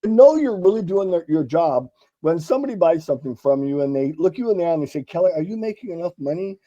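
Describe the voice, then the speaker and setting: A middle-aged man from California chats as an interview guest, animated and a little profane as he acts out the people in his anecdotes. His voice sits a touch high yet sounds mellow and relaxed. The recording is somewhat dull and lo-fi. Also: quick pace. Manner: animated storyteller acting out dialogue, casual swearing. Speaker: guest sales author. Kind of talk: conversational interview storytelling.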